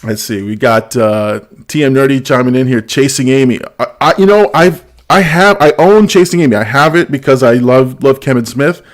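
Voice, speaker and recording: A man's voice: medium pitch, moderate pace, few pauses. Man, live stream host, casual chat, laughs a lot, reads comments. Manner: laughs often while reading chat comments aloud. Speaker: show host.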